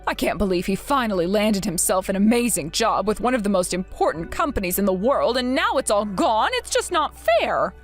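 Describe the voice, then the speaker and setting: A woman's voice: mid-range voice, very animated, moderate pace, hardly any pauses, soft background music. A woman voicing a whiny, self-pitying older mother who dramatically pleads with her daughter for money. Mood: lamenting. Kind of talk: text-story voice acting.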